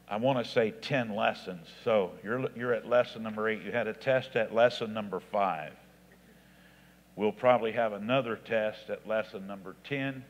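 A man, an assistant pastor, teaching a Bible class in an informal, halting way. He restarts his sentences often and grows louder and higher when he stresses scripture. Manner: halting, with frequent restarts and fillers. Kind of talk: informal classroom lecture on preaching. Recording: long reverb of a large hall.

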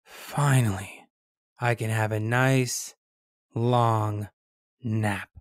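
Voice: medium pitch, lively intonation, normal speed, husky, dry recording, studio quality. Drowsy little mask, voiced by the narrator. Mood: sleepy. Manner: mumbling and drowsy. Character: sleepy little talking face mask. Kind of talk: storybook character voice.

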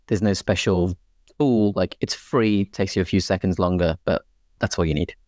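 A man's voice: low voice, moderate pace, a little mellow, no echo, studio quality. A man co-hosting a casual Q&A chat, giving plain-spoken answers with a joking touch. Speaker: co-host.

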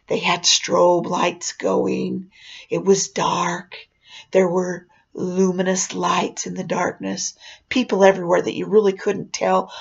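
A woman with a creaky, mid-range voice tells a spooky personal story in an oral storytelling style. She delivers it dramatically, sinking into whispers to build suspense, and the lo-fi recording sounds dull.

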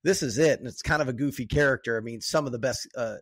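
A man's voice: mid-range voice, quick pace, slightly rough, dry recording. A man co-hosting a movie podcast in loose, chatty talk that speeds up in bursts. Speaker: podcast co-host. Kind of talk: casual movie chat.

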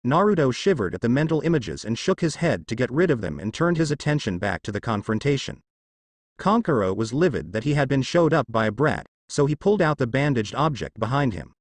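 A man narrating a fanfiction story as an audiobook with steady reading. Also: mid-range voice, brisk, dry recording.

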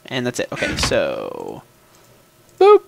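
A man narrates his own gameplay in an unhurried, bouncy voice that leaps up and down in pitch. He mutters to himself, hums little sound effects and talks back to the game. Mouse and keyboard clicks and steady background noise come through the recording. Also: creaky. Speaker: gaming channel host. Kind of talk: casual gameplay commentary.

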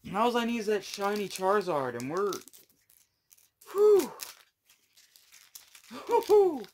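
A man's voice: high-pitched, expressive, brisk, slight background noise. A man opening trading card packs on camera, talking to his viewers in a breathless, exclamatory way. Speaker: card collecting YouTuber. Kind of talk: casual pack-opening vlog.

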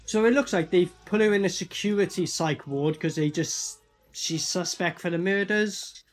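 A man's voice: high-pitched, normal speed, faint music behind. A man with a British accent casually reacting to a horror film, swearing and laughing. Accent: British English. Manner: animated, swearing, laughing, repeats film lines. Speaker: movie reaction host.

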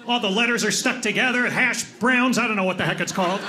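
A man's voice: high voice, expressive, fairly quick, bright, forceful tone, slight background noise. A man doing a stand-up comedy routine on a club stage, ranting in a grumpy, exasperated way into a handheld mic.

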